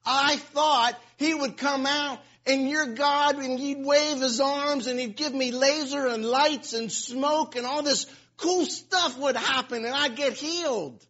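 A preacher doing a proud offended army official, loud, high-pitched, dull lo-fi sound. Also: male voice, slow, hardly any pauses, heavily acted. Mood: indignant. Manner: loud and aggrieved.

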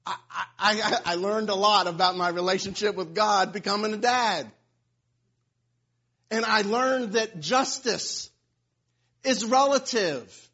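A male pastor preaching a sermon, retelling scripture in an animated, storytelling way. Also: high voice, takes it slowly, breathy edge. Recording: dull lo-fi sound.

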